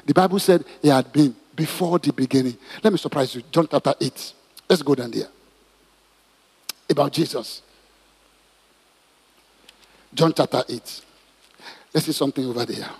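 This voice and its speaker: A man's voice: fairly high pitch, normal speed, creaky, long pauses, darkish tone, husky, big-room sound. A middle-aged man preaching a sermon as pastor, emphatic and repetitive, with stammered restarts.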